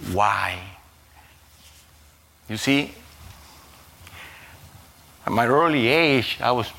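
A man preaching a sermon in a slow, halting way, repeating words and swinging suddenly between a low murmur and a high, loud cry. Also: a little hiss or hum. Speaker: pastor.

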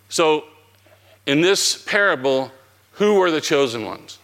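A man's voice: fairly high pitch, animated, takes it slowly, long pauses, fairly bright tone. A middle-aged man preaching a sermon, reading scripture and then telling stories in a conversational way with frequent restarts. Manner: conversational storytelling with repeated phrases.

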